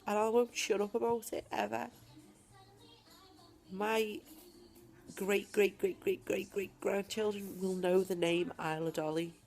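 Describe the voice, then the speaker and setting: A woman talking straight to camera from home in a personal video diary, emphatic and defiant, with deliberate pauses. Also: mid-range voice, fairly even intonation, darkish tone, faint music behind. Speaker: vlogger.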